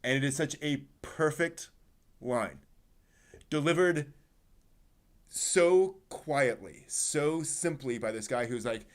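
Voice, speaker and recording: A man with a mid-range voice and a moderate pace hosts a casual anime discussion podcast. He retells a scene with plenty of fillers, an animated storyteller who acts out the characters' quotes.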